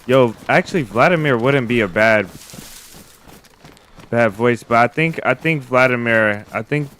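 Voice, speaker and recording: A man's voice: mid-range voice, a little slow, a bit bright, a little hiss or hum. A man streaming a survival game, giving casual commentary and thinking aloud, often restarting his sentences.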